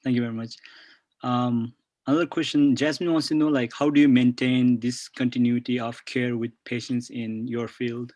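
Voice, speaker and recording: A man's voice: mid-range voice, level tone, moderate pace, a little mellow, no room sound. Hesitant young man moderating a Q&A. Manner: hesitant, many "like" and "um" fillers. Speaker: student moderator asking questions. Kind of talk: casual Q&A moderation. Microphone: video call.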